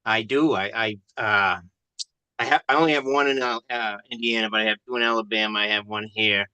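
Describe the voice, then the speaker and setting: A man's voice: fairly low pitch, steady tone, fairly quick, sharp tone, clean tone, no echo. A man chatting casually on a video call, hesitant, with many restarts.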